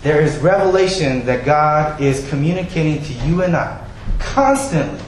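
Male preacher, animated sermon, very echoey hall, faint room noise. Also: fairly high pitch, normal speed. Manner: animated storytelling, acts out quoted voices.

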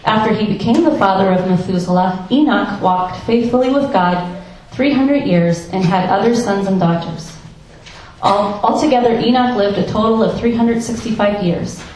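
A woman reads scripture aloud at an ordinary pitch, careful and steady. Her voice rings through a very echoey church hall. Faint noise sits in the background. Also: normal speed. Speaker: scripture reader.

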